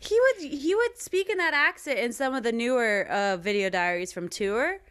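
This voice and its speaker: A woman in her twenties co-hosting a podcast in casual chat, giggly and quick to mimic voices. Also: on the high side, expressive, a bit bright, smooth. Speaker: podcast co-host.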